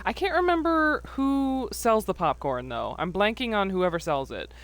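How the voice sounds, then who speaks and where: A woman's voice: medium pitch, sing-song, moderate pace. A woman streaming live who chats casually, laughs often and reads viewers' messages aloud. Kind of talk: casual livestream chat.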